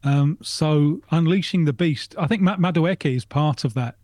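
Man, sports pundit, playful, slangy, higher pitch, dry sound. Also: moderate pace, a little mellow, no room sound. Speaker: radio pundit. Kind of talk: studio sports discussion.

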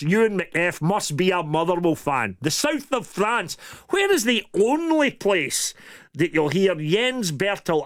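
A man's voice: high voice, fairly bright tone, no room sound, studio quality. A Scottish man hosting a radio show, reading out listener texts in a chatty, teasing way and laughing often.

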